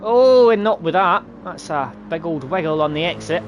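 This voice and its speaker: A man's voice: on the high side, expressive, highs cut off, soft background music. Chatty man calling a sim race. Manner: chatty, laughing, quick self-corrections. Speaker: race commentator. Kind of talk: sim racing commentary.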